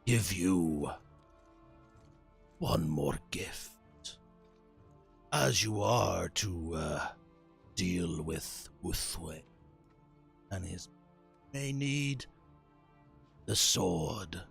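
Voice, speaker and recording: A mocking scaled warlord, as a man voices him in a tabletop game, all soft menace and slow drawn-out threats. The voice sits low and gravelly. Faint music hums underneath. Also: expressive, full character voice. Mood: sly.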